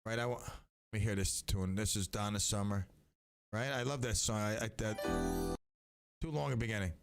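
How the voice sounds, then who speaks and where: Rambling gravelly radio host, a man. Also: fairly low pitch, fairly even intonation, moderate pace, over loud music. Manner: rambling, self-interrupting, breaks into loud off-key singing. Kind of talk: casual radio chat.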